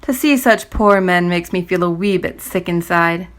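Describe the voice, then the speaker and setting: A woman's voice: fairly low pitch, moderate pace, lightly acted. A woman voicing a smug, self-satisfied rich man who speaks in a prim, fussy way.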